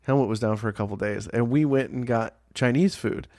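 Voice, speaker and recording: Podcast co-host, male, profane joker telling stories with laughs, mid-pitched, dry close mic. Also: brisk, darkish tone, no room sound. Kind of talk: casual crude banter. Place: basement.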